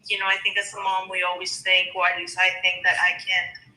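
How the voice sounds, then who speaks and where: A woman's voice: lowish voice, completely flat delivery, brisk, sharp tone, roomy sound, low-quality recording. A woman in her thirties from Canada, a guest talking in a casual chat, emotional and hesitant with many fillers. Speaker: guest caller.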